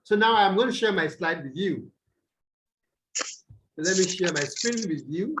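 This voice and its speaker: Nigerian male teacher, higher-pitched voice, patient step-by-step explaining, online class audio. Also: expressive, a little slow, fairly bright tone, a little hiss or hum, poor audio. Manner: explains step by step, asks students to answer. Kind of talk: online English lesson over video call. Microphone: video call.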